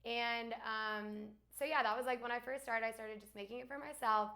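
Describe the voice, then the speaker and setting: A young woman from Alabama, a guest in a casual chat, talking fast with lots of fillers and laughs. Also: a little high, steady tone, pushed and bright. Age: young adult.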